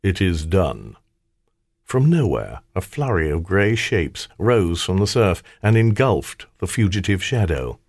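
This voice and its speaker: A man's voice: low voice, sing-song, unhurried, hardly any pauses, darkish tone, slightly rough, no room sound, clean studio sound. A man reading a fantasy audiobook aloud, telling the story in the first person in a wry, theatrical way. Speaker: audiobook narrator. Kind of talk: scripted audiobook narration.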